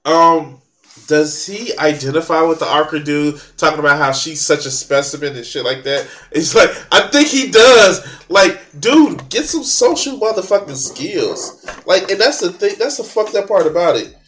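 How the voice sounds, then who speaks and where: A man's voice: a little high, lively intonation, moderate pace, fairly bright tone. Sarcastic ranting man in an echoey room. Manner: sarcastic, mocking, profane. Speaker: video reaction host. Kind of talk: casual reaction rant.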